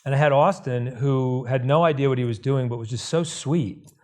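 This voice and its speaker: A man's voice: medium pitch, normal speed. A man on a panel telling a rambling story, often breaking off and restarting. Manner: rambling, self-interrupting, animated. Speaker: film director, panelist. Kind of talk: panel discussion.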